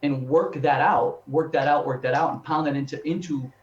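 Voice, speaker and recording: A man in his fifties, a professional singer and voice teacher, telling his story in an animated, chatty way and repeating words as he thinks. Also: fairly high pitch, moderate pace. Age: 50s. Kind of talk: casual interview storytelling. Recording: echoey room, dull lo-fi sound.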